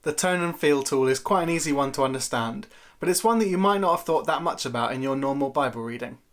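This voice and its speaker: A man's voice: medium pitch, expressive, quick pace, fairly bright tone. A man giving a conversational, lightly playful Bible teaching talk to camera for a church video series.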